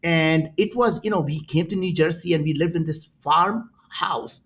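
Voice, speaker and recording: Animated Indian man telling stories. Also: on the high side, moderate pace. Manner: animated, acts out quoted voices in his stories. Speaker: entrepreneur guest. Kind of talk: storytelling in an interview.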